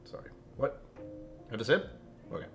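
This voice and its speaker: On a live stream, a man tastes whisky and rambles casually, poking fun at himself and jumping between topics as he reads viewers' comments aloud. He speaks at a moderate pace in a fairly bright tone, with faint music in the background.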